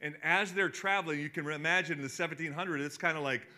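Pastor guy preaching, chatty and rambly, bright tense voice, lots of stops and restarts. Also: a little high, fast talker. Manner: conversational, rambling with many restarts and fillers. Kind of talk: sermon.

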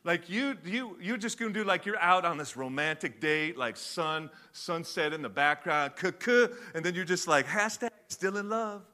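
Bright-voiced pastor preaching conversationally. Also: male voice, a little high, animated, normal speed, hardly any pauses. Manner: conversational, with many fillers and restarts. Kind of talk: sermon.

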